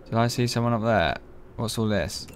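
A man giving profane, excitable, joking let's-play commentary. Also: medium pitch, moderate pace, slight background noise. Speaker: gaming channel host.

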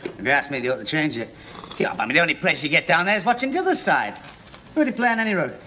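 An actor playing a cheeky, argumentative young Liverpudlian man in a 1970s sitcom, mocking and quick to argue back. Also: on the high side, sing-song, pushed and bright, a little hiss or hum. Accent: Liverpool Scouse.

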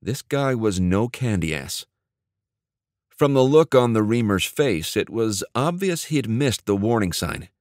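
Brief: male audiobook narrator, low voice, dry close sound, measured. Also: sing-song, darkish tone, dry recording.

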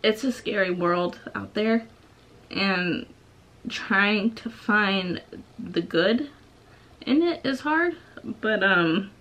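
A woman's voice: mid-range voice, a bit bright, rough recording. A young woman vlogging from home, talking in a hesitant, rambling way with many restarts. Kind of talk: personal confessional vlog.

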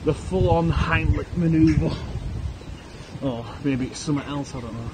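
A man's voice: a little high, very animated, moderate pace. A man giving a jokey, sweary running commentary to his dog while he builds a snowman outside on a snowy street. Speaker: podcast co-host. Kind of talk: casual vlog. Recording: outdoor camera audio with ambient noise. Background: outdoor ambience and a barking dog.

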